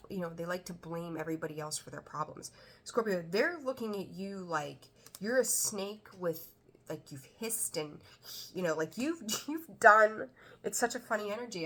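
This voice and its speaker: A woman's voice: mid-range voice, a bit bright. A woman giving a casual tarot reading, talking bluntly and chattily, swearing now and then. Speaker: tarot reader.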